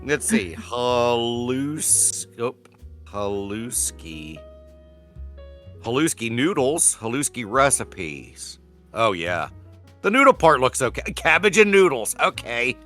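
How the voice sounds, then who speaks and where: A man's voice: medium pitch, slow pace, soft background music. A man, co-hosting a casual podcast chat and telling stories that act out the quotes. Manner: animated storyteller, acts out quotes loudly. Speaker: podcast co-host.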